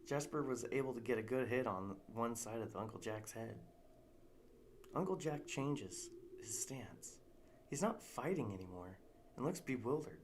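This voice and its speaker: A man's voice: medium pitch, animated, moderate pace, noisy background. A man reading a story aloud in a live narration, casual and unpolished, with restarts.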